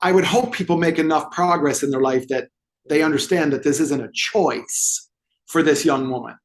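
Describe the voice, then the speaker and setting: A man's voice: a little high, moderate pace. A man telling a client story as a guest in an interview, acting out the dialogue with animation. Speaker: movement therapy expert guest.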